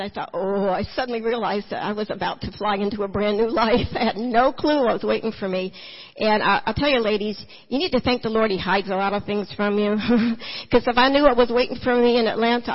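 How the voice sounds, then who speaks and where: A middle-aged woman giving a church testimony, storytelling with animated quotes and frequent laughter. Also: on the high side. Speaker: guest speaker giving a testimony. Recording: muffled lo-fi church recording.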